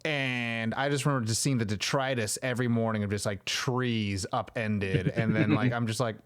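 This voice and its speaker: A man from Northern California hosting a casual podcast chat, animated and profane, acting out quotes. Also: mid-range voice, normal speed, clear, resonant tone. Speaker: podcast host.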